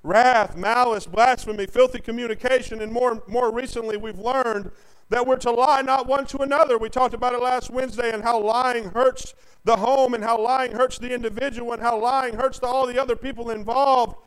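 High-voiced preacher, fervent. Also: male voice, steady tone, moderate pace, clean tone, low-quality recording. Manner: fervent preaching with call-and-response, swinging between loud and quiet. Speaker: pastor. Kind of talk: sermon.

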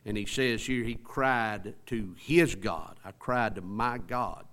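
A man preaching a sermon, reading scripture slowly and often asking the congregation questions. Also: lowish voice, fairly bright tone. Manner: reads scripture slowly, rises to emphatic exhortation.

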